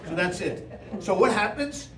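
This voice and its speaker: Rabbi teaching a class, lively and joking, acts out the characters, higher-pitched male voice, miked from a distance in a roomy hall. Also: normal speed. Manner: animated, humorous, acts out voices with Yiddish exclamations. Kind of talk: lively storytelling Torah class. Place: room with a live audience. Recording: roomy sound from a distance, faint room noise.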